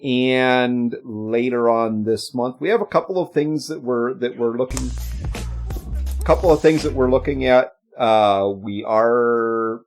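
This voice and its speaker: A man's voice: medium pitch, fairly even intonation, slow pace, soft background music. A man co-hosting a casual gaming livestream, announcing upcoming shows in an upbeat, rambling way with fillers. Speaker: podcast co-host.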